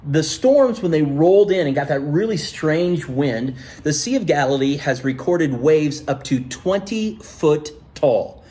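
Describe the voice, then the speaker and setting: A male pastor giving a sermon, telling the story in an animated, conversational way. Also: fairly high pitch, a little slow, hardly any pauses.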